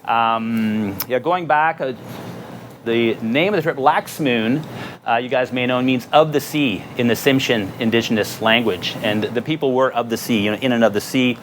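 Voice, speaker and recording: A man giving a relaxed, conversational presentation at a marina event, telling expedition stories with lots of fillers. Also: medium pitch, normal speed, a little hiss or hum. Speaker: guest speaker on an expedition. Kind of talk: storytelling presentation.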